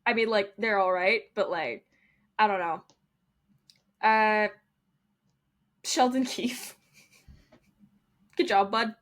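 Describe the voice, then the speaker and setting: A woman's voice: medium pitch, slow, long pauses. A young adult woman co-hosting a casual sports podcast, joking and ranting with frequent laughter. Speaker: podcast co-host.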